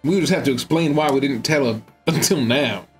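A man's voice: mid-range voice, moderate pace, faint music behind. A man playing a tabletop game in casual chat, laid-back and swearing freely. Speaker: player. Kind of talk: casual in-character play.

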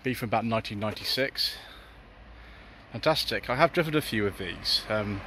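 A man's voice: fairly low pitch, fairly quick, sharp tone. British man, car-spotting vlog, eager chatty commentary, outdoor street noise behind. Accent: British English. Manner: enthusiastic, chatty commentary addressing viewers. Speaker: car channel host.

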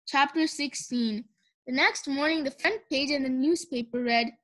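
Expressive woman reading a storybook. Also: sits high, normal speed. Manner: expressive, does character voices. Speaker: audiobook narrator.

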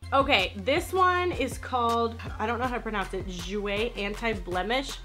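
A woman talking to camera as a beauty vlogger, giving a blunt, animated product review and swearing when annoyed. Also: a little high, moderate pace.

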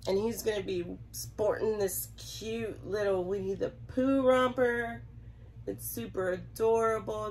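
A woman's voice: medium pitch, a little mellow, slight background noise, low-quality recording. A young woman with a Southern US accent, chatting to camera about her reborn dolls, congested from a cold and giggling often. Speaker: reborn doll collector vlogger. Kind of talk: casual chat to camera.

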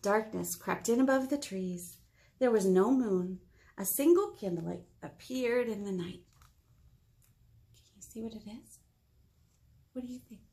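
A woman's voice: medium pitch, unhurried, pauses often. A woman children's librarian reading a picture book aloud and asking the children questions as she goes. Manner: animated, asks the children questions.

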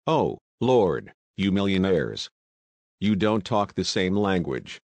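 A man reading a brisk young Englishman. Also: low voice, big pitch swings, a little mellow, no room sound, heavily acted. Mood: urgent.

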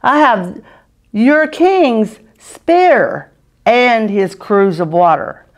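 A woman's voice: a little high, lively intonation, drawn-out words, voice pushed up. A woman voicing a young male warrior who scolds and teases a guard, in a children's Bible lesson. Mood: scolding. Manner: scolding and teasing.

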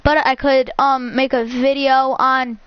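A woman giving casual, excitable commentary while playing a hunting game, repeating words as she talks. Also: high voice, unhurried, clean tone, no room sound. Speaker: gaming channel host. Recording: muffled lo-fi sound.

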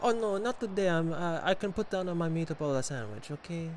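A man putting on the voice of a fragile old Italian man, a goalkeeper who politely refuses, speaking in a shaky, halting way with a put-on Italian lilt. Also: on the high side, animated, slight background noise, pitched above the performer's own voice, close to an everyday voice. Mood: smug.

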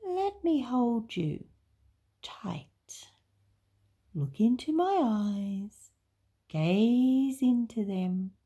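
A woman voicing a sly male jungle snake with a soft, coaxing, hypnotic manner. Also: mid-range voice, slightly rough, full character voice.

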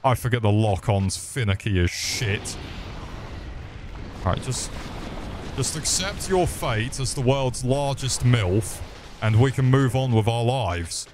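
A man's voice: medium pitch, expressive, slow pace, background noise. A man giving crude, joking commentary over gameplay, swearing freely and mocking the enemies. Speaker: gaming video creator.

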